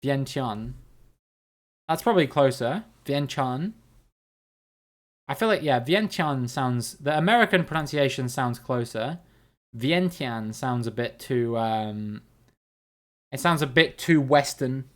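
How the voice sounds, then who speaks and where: A man's voice: mid-range voice, lively intonation, measured pace. A man hosting a live game stream, chatting with viewers and thinking aloud as he plays.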